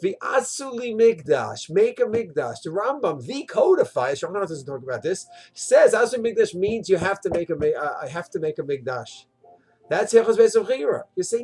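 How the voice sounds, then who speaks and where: A husky man delivers a fervent short Torah lesson, his voice pitched high and swinging widely. He hammers rhetorical questions at his listeners. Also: moderate pace. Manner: rhetorical, animated, swings into mocking quoted voices. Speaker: Torah teacher. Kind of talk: short impassioned Torah talk. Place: Israel.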